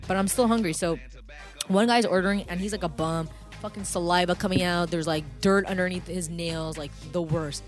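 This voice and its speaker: A woman from Canada telling a story in casual chat, animated and loose, jumping into voices for everyone she quotes. Her pitch swings widely as she acts it out, with faint music under the talk. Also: a little fast.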